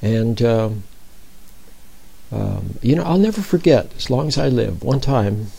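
A man's voice: mid-range voice, lively intonation, a little slow, vocal fry, warm tone, husky, low-quality recording. A man giving an informal, conversational sermon, often checking in with his listeners. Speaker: speaker giving a Bible talk.

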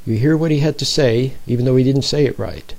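A man's voice: medium pitch, brisk, gravelly, darkish tone, rough recording. A man giving an informal, conversational sermon, often checking in with his listeners. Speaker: speaker giving a Bible talk.

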